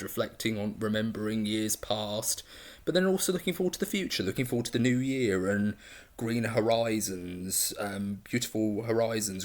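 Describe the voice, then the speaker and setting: A man giving a casual film review on his own channel, talking enthusiastically and rambling, with frequent restarts. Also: on the low side.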